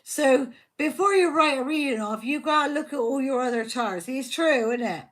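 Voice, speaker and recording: A woman's voice: high-pitched, lively intonation, moderate pace. A woman hosting a live tarot stream, chatting casually and rambling, repeating herself and talking to her viewers. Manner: talks to viewers by name, affectionate.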